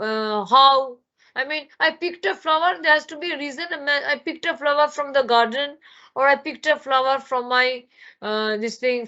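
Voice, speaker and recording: A woman's voice: high-pitched, bright, forceful tone, muffled recording. A woman from Bengal, teaching an online grammar lesson and explaining with many fillers and restarts. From Bengal, India. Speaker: spoken English teacher. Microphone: laptop microphone.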